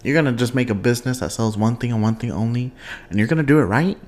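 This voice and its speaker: A young man hosting his own podcast in casual, expressive chat, laughing often and wandering off on tangents. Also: medium pitch, fast talker. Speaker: podcast host.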